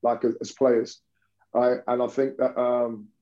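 In conversational interview storytelling, a basketball coach rambles through his tales with many restarts. He speaks at medium pitch in a level, mellow tone and a measured pace, over dull audio.

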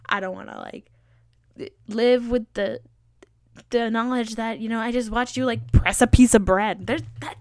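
A woman's voice: fairly high pitch, sing-song, moderate pace, darkish tone, no echo, clean studio sound. A woman hosting a solo podcast, rambling and joking about herself with lots of fillers. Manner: rambling, joking and self-mocking; chatty with many fillers. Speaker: podcast host. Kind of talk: casual solo podcast chat.

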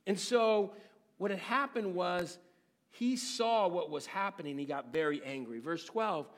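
Animated preacher man in an echoing hall. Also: sits high, unhurried. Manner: dramatic, swings between loud exclamations and near-hushed phrases; asks the listeners rhetorical questions. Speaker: pastor. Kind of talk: expository sermon.

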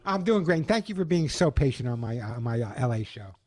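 A middle-aged man with a Long Island New York accent, hosting a call-in radio show in an upbeat, lively way. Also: mid-range voice, a little fast. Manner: upbeat, lively promotional delivery.

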